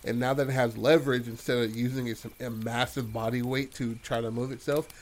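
A man's voice: mid-range voice, steady tone, fairly quick. A man spins a made-up horror tale in casual podcast chat. His mid-range voice rambles loosely and is salted with curses and restarts. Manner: rambling and profane, full of fillers and restarts. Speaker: podcast host telling a story. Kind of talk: casual improvised storytelling.

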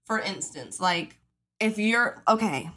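A woman's voice: mid-range voice, animated, slow, sharp tone. A woman in her twenties hosting a podcast, talking in a casual monologue, acting out the people she quotes, swearing freely, with lots of fillers. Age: 20s. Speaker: podcast host.

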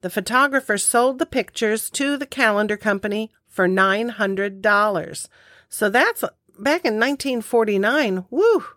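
A woman's voice: mid-range voice, a little slow, fairly bright tone, no echo, studio quality. A woman co-hosting a podcast, narrating scenes in a casual, conversational way. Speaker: podcast co-host. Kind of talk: casual recap chat.

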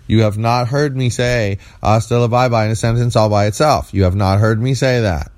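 A man with a very deep voice co-hosts a casual late-night podcast. He sounds tired and rambles playfully, teasing his co-host. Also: brisk, darkish tone.

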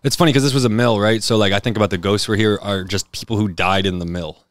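Brief: man, low voice, casual rambling storyteller, dry close sound. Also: fairly even intonation, fast, clear, resonant tone, no echo. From Western Massachusetts. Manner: loose storytelling with lots of fillers. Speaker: guest rapper. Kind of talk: casual interview chat. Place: house, indoors.

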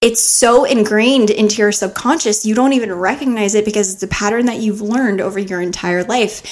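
A woman's voice: medium pitch, fairly quick. A woman hosting a self-help podcast, talking earnestly and coaching her listeners with rhetorical questions, close to the mic. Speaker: podcast host. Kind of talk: motivational self-help talk.

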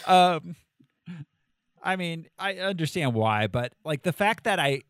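Lively laughing man, dry close mic. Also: fairly high pitch, measured pace, clear, resonant tone, no room sound. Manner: animated, laughs often, jokey quotes. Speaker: podcast co-host. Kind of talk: casual movie review chat.

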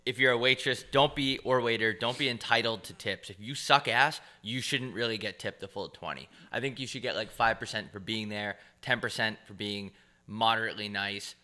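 A man's voice: on the low side, moderate pace. A man in his twenties co-hosting a podcast, ranting in crude, mocking casual banter. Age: 20s. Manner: crude, mocking, animated rants. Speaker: podcast co-host.

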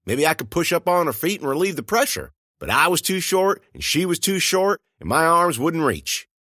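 A man narrating a first-person audiobook in an expressive, suspenseful way. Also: fairly high pitch, moderate pace, no echo, studio quality.

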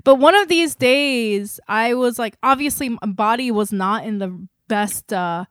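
Young woman podcast host, slightly high voice, lively anecdote style, dry close studio sound. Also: measured pace, no room sound. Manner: animated, lots of fillers, laughs through her story. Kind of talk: casual storytelling chat.

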